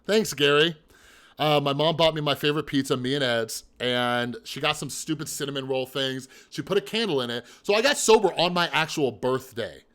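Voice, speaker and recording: This mental health vlogger, a man in his thirties, shares his personal story candidly at a moderate pace. His voice is a little high and fairly bright, and his delivery is blunt and profane, full of emphatic repetition and rhetorical asides aimed at the listener.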